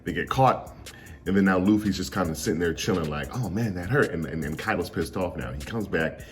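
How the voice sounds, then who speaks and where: A man's voice: sits low, brisk, soft background music. A young man recapping a comic chapter in a casual, slangy, jokey way with frequent laughs. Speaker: manga reviewer.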